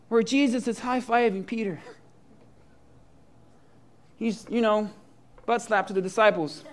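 A male pastor with a high voice delivers a sermon. He tells the story with animated energy, acting out the scenes and dropping from loud, excited passages to quiet, intense ones. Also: unhurried, pauses often.

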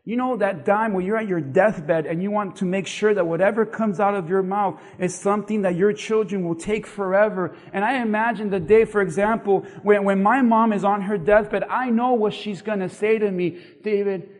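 Male pastor, high voice, emphatic and repetitive sermon delivery, recorded in a reverberant hall. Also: moderate pace, hardly any pauses. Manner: animated, emphatic preaching with repetition.

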